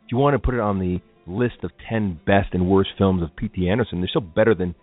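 Here a podcast host with a low voice talks fast about films, casual and opinionated, rambling through tangents in a solo radio-style show. Faint music plays under tinny, phone-like lo-fi sound.

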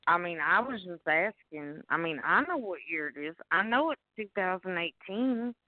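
A woman with a Southern US accent, co-hosting a casual call-in radio show and rambling through animated stories with some cursing. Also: lowish voice, normal speed, dry recording. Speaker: co-host. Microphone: phone. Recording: tinny phone line.

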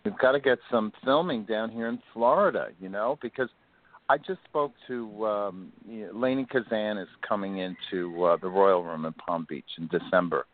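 A man's voice: on the low side, moderate pace. A man calling into a radio show, enthusiastic and rambling, full of praise for the guest. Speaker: caller. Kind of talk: phone-in chat. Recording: telephone line.

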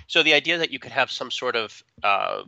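A man with a very bright, forceful voice talks in a casual, joking podcast chat full of quick asides. His voice sounds close and dry, with a slightly dull, muffled tone. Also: medium pitch, no echo. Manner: animated, joking, trails into asides. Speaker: podcast co-host.

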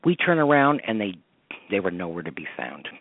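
A man's voice: fairly low pitch, sing-song, fairly quick. A man hosting a call-in radio show, telling long rambling stories full of fillers, over a tinny phone line. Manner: rambling storytelling, many fillers. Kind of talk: casual call-in radio chat.

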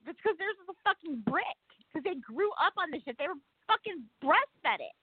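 High-voiced lady ranting and cussing, super animated, sounds like a phone call. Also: dry recording. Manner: profane, excitable, rants fast. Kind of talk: casual chat. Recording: tinny phone line.

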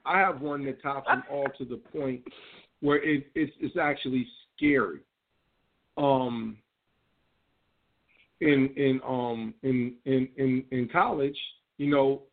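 A male radio show host telling stories in casual slang, repeating words as he talks. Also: mid-range voice. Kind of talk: casual storytelling chat. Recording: echoey tinny phone-like line, distant mic.

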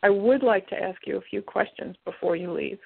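A woman voicing a calm, protective male demon in a plain, measured way. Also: medium pitch, gravelly, breathy edge, no echo. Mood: reassuring. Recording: tinny phone-like, dry.

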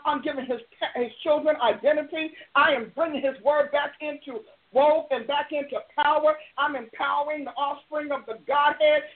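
A woman preacher and show host giving a live broadcast sermon, fervent and emphatic, driving her points home with repeated declarations. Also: high-pitched. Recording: tinny phone-like audio.

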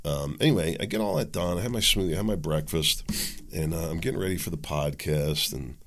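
A middle-aged man with a very low, gravelly voice chats through a solo podcast episode. He rambles frankly, stopping for ums and asides, and corrects himself as he goes. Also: fairly quick, fairly bright tone. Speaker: podcast host. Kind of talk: casual solo podcast monologue.

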